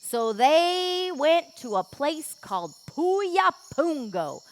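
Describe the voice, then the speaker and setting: A woman playing a bubbly, excitable lady with a pet snake, telling a story at a children's camp in a gushing, folksy way. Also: sits high, extremely slow, full character voice. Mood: storytelling. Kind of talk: children's ministry skit storytelling.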